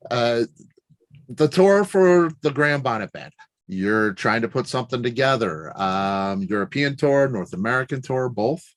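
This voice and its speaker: Male interview host, mid-pitched voice, dry close sound, keeps agreeing, casual. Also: animated, moderate pace, dry recording. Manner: affirming, frequent short agreements and laughs.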